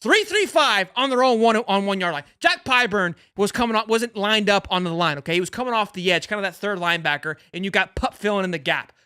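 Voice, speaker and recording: Bright, pushed and smooth, this young sports show host's high voice races along with few pauses as he reads viewer super chats in a sarcastic, exasperated halftime rant. The studio recording is clean, with no room sound.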